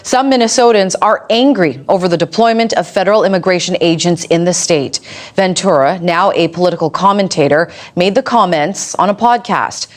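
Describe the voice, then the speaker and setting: A woman news reporter delivering a report in a neutral, measured way. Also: lowish voice.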